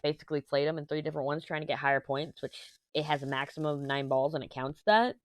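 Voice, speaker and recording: A woman in her thirties with a fairly low voice, telling a long family story in an easygoing, wandering way. She chats casually while working on a diamond painting, often stopping to correct herself mid-sentence. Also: fast talker, dry recording. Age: 30s. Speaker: crafting channel host.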